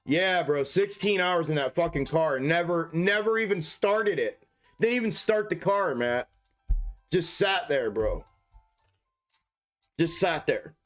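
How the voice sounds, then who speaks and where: A man's voice: fairly high pitch, fairly bright tone. A young man live streaming, rambling casually with heavy slang and lots of swearing. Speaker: stock market live streamer.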